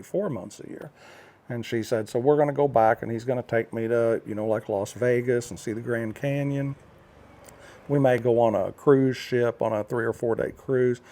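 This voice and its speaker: A man's voice: mid-range voice, mellow. An older man from the United States telling a story in a casual talking-head vlog, rambling with fillers and restarts. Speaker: vlogger.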